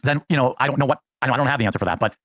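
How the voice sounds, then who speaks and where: A man's voice: medium pitch, racing, fairly bright tone, dry recording, highs cut off. A man appearing as a guest on a talk show, speaking earnestly and persuasively in a pleading tone. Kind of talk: earnest conversation.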